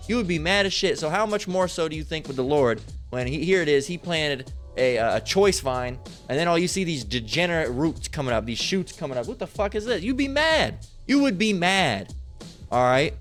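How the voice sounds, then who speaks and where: A religious commentator rambles through scripture in a slightly high, animated, fairly bright voice at a moderate pace, with soft music in the background. He is profane and emphatic, restarting often and tossing in "all right?" again and again.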